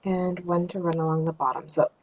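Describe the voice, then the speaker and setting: Low-voiced woman chatting through a craft demo. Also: steady tone, brisk, slight background noise, poor audio. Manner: chatty, thinking aloud while working, drifts into soft murmurs. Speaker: card-making demonstrator. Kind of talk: casual craft tutorial narration.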